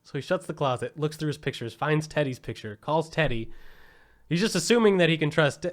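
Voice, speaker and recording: A man co-hosting a podcast, casually retelling a movie plot in an animated way and leaning hard on "like.". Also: on the high side, fairly quick. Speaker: podcast co-host. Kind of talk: casual film chat.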